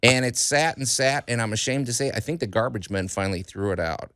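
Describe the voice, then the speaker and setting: A man's voice: mid-range voice, brisk, a bit bright, no echo. A man co-hosting a radio show from a studio, chatting casually and joking, often laughing. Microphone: studio microphone.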